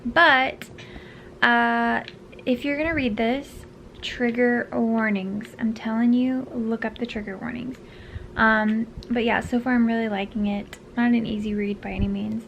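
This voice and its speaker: Brief: tired woman book vlogger, rambling casual chat, voice sits a bit high, faint hiss behind. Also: fairly even intonation, a little slow, creaky, a bit bright. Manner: chatty, rambling, with frequent fillers. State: tired, yawning.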